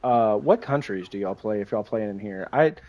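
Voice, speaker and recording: An American man in his twenties talks loosely to his viewers while gaming, his pitch swinging up and down with lively energy. He reacts, jokes and curses between reading chat messages. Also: normal speed, highs cut off. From United States. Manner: chatty, swearing, reacting to chat and gameplay. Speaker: live streamer. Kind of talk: casual live-stream chat while gaming.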